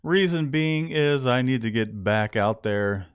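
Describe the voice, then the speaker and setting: Man, casual stream host, relaxed, laughs often, animated intonation. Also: mid-range voice, measured pace, clean tone. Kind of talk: casual live stream chat. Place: screen printing shop.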